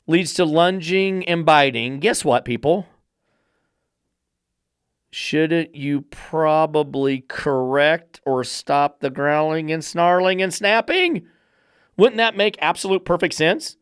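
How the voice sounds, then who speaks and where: A man's voice: fairly high pitch, clear, resonant tone, no echo, studio quality. Fired-up sarcastic man ranting. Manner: swears freely. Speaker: dog trainer and podcast host. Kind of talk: podcast rant.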